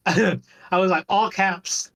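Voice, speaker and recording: A man's voice: high voice, extremely slow, creaky, fairly bright tone. Rambling man chatting casually on a podcast. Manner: rambling, swears casually, restarts often. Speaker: podcast guest. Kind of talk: casual chat about an online game.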